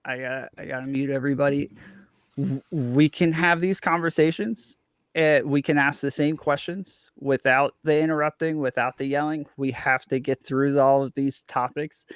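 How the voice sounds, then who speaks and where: A man hosting a live-stream panel who calmly tries to settle the guests and keep the discussion moving. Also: medium pitch, moderate pace, clear, resonant tone, dry recording. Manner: calm, placating, keeps order. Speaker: panel host and moderator.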